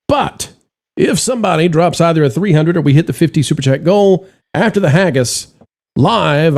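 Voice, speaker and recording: A man hosting a live stream, chatting jokily and reading out donations. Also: on the high side. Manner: animated, jokey, reads donations aloud. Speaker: show host. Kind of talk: casual live-stream chat.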